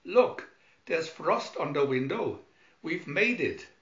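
Eager young boy for a storybook, earnest and excited; a man reads him; roomy, muffled recording. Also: fairly high pitch, slow pace, exaggerated voice. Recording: echoey, dull home recording.

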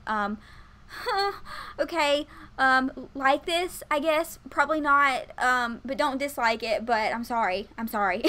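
A woman's voice: sits high, takes it slowly, sharp tone. A young woman, commentating a life-sim game, stammering in panic and talking straight to her viewers. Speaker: gaming video host. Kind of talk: let's play commentary.

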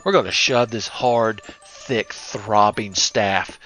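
A man's voice: on the low side, slow pace, fairly bright tone, soft background music. Sarcastic, crude man playing a game. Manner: sarcastic, crude, joking asides. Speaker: let's play host. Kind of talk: comedic let's play commentary. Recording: slightly dull lo-fi mic with faint hiss.

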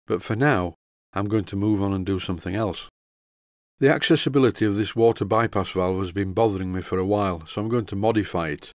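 An older man narrating a model workshop tutorial in a dry, deadpan manner. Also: fairly low pitch, fairly quick, dry recording. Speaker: model engineering video host.

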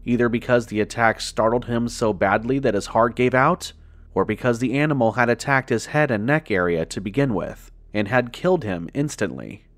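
A man reading a first-person horror story aloud as a podcast narrator, in a measured, dramatic way that slows down on the grim details. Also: medium pitch, no room sound.

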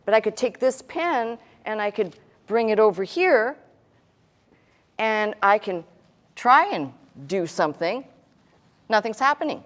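A woman pastor whose voice is on the high side teaches a sermon conversationally. She adds asides and dry humor and demonstrates her points with a pen on a tablet.

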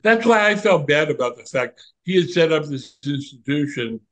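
An older man, a former monk, reminiscing in a relaxed, candid conversation and telling animated stories. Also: on the high side, normal speed, low-quality recording. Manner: animated storyteller, candid and reflective.

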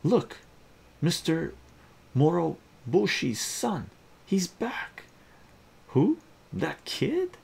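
A man voicing an excited crowd of townspeople in a high, loud, clamoring tone. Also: slow, creaky, pauses often, breathy edge, exaggerated voice.

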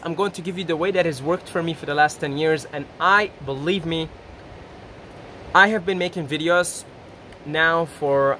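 A little hiss or hum sits under this man's fairly high voice as he gives a rambling motivational talk to camera. A self-help YouTuber, he's animated, acts out brief quoted voices, and laughs frequently.

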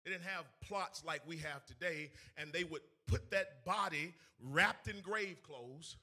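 Fervent high-voiced male evangelist. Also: measured pace. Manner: preaching with big swings from shouting to hushed; sing-song preaching cadence. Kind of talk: sermon. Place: in front of a congregation.

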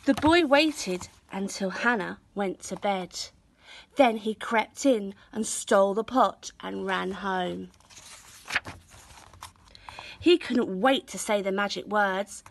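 A woman reading a children's picture book aloud in an expressive, storytelling manner. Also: medium pitch, slow, vocal fry, a little hiss or hum. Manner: expressive, sing-song storytelling. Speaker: storybook reader.

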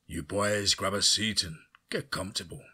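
A man voicing a calm, commanding older man who speaks slowly and gravely over a monitor in a horror story. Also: low voice, full character voice.

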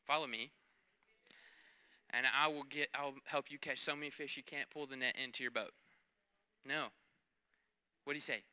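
A man's voice: medium pitch, moderate pace, long pauses, sharp tone, clean tone. A man, preaching a sermon as pastor in a playful, conversational way. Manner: playful, conversational, acts out quoted voices.

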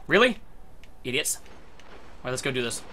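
Guy yelling at his game, swears constantly, bright voice that jumps all over. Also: medium pitch, measured pace. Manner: excitable, swears often, bursts into shouts; talks to himself and his teammates. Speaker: gaming video creator. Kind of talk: live gameplay commentary.

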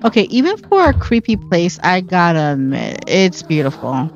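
A woman's voice: fairly low pitch, big pitch swings, moderate pace, dull audio. A woman giving casual, self-mocking commentary while she plays a video game, reacting aloud to what happens on screen. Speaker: gameplay streamer. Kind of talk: casual let's-play commentary.

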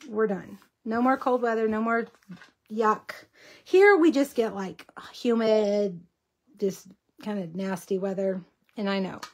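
A chatty woman with a slightly high voice hosts a casual craft tutorial livestream. She talks viewers through each step and banters with them as she works. A slight cough lingers in her voice. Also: a little mellow. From Texas. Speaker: host.

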